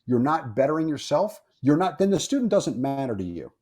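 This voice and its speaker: A man's voice: a little high, big pitch swings, brisk, darkish tone, breathy edge. A man speaking as a guest on a podcast interview, blunt and opinionated, swearing freely and often repeating himself. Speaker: firearms instructor, guest.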